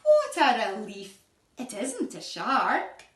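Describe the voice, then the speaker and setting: A woman reading a picture book aloud to young children, with a lively sing-song delivery, gasps and questions to her listeners. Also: fairly high pitch, takes it slowly, a little hiss or hum. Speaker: children's story reader. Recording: echoey room, voice from a distance.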